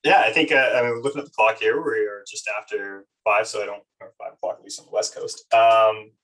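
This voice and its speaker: A man moderating a webinar panel over a video call in an easygoing, steady way. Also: lowish voice, brisk, recorded from a distance, slight background noise, poor audio. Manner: easygoing, steady, wraps up politely. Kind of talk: hosting a webinar.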